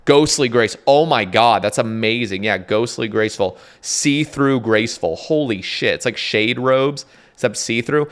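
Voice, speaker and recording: A young man rambling casually about game updates, excitable, swearing often, reading notes aloud. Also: mid-range voice, moderate pace. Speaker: gaming content creator.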